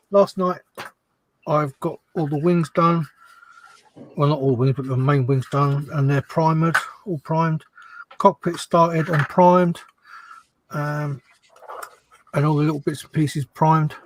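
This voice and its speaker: A man's voice: fairly high pitch, slow, long pauses, fairly bright tone, slight background noise, poor audio. A man chatting as a guest on a livestream, hesitant and full of ums. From England. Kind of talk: casual chat.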